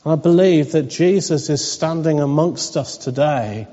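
Pleading preacher in an echoing hall. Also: male voice, fairly high pitch, measured pace. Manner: earnest, pleading questions with soft laughs. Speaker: pastor. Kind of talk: sermon. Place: church hall. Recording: dull lo-fi church recording with long reverb.

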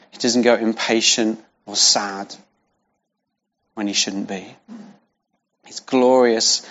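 Man, conversational sermon, repeats phrases, middle pitch, muffled recording. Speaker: preacher. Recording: dull lo-fi sound.

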